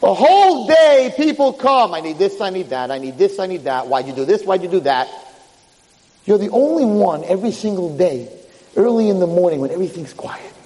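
A man, a rabbi giving a lecture, speaks in a high, expressive voice with a dark tone at a brisk pace. His storytelling sermon has him acting out the tale's characters in shifting voices, with hall reverb on the recording.

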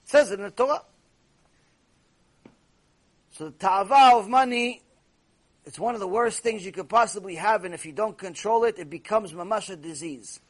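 A man giving a sermon lecture as a rabbi, animated and storytelling, with Hebrew terms mixed in. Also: sits high, normal speed, long pauses.

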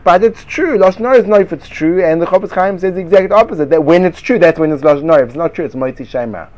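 A man leads a Torah discussion with a combative, questioning drive, pushing back with one rhetorical question after another. His voice sits a little high for a man, and he slips Hebrew and Yiddish study-hall words into his speech. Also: very fast, darkish tone, highs cut off. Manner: argumentative, fires rhetorical questions; sprinkles Hebrew and Yiddish yeshiva terms. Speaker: Torah teacher. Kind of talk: lively Talmudic-style discussion.

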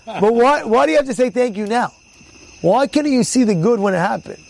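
A man with a notably high voice leads an informal Torah class as a rabbi. He talks in a lively, storytelling way, repeating words for emphasis and loudly acting out the people in his stories. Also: brisk, vocal fry, poor audio.

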